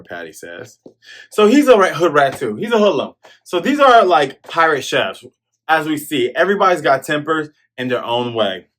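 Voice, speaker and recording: A man casually recapping a comic chapter, retelling it in a slangy, animated way and dropping into quick character voices. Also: fairly high pitch.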